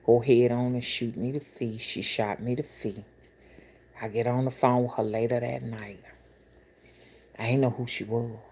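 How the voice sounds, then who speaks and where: A woman's voice: a bass voice, fairly even intonation, normal speed, long pauses, warm tone, a little hiss or hum. A woman who works as a rootworker and spiritual reader, telling stories to camera in a blunt, colorful way, with exclamations and asides to her viewers. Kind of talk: casual storytelling to camera.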